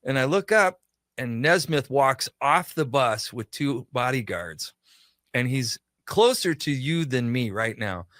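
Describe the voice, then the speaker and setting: A man's voice: medium pitch, lively intonation, measured pace, fairly bright tone, no room sound, studio quality. A man who is a guest on a radio talk show, telling a long personal story in a chatty way and acting out the dialogue. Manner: chatty anecdotal storytelling, acts out quoted dialogue. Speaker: guest, pop culture shop owner.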